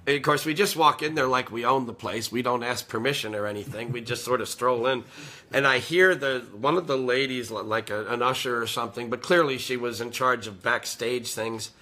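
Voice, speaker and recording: A man with a bright, forward voice chats easily in an interview, recapping a busy week. He laughs readily and strolls through his anecdotes. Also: medium pitch, fairly quick. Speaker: guest and singer. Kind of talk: casual interview chat.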